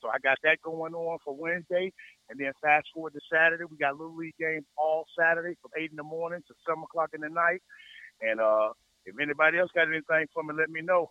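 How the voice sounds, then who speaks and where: A man's voice: on the high side, dry recording, muffled recording. A man promoting upcoming events in a hype, casual way. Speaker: guest promoter.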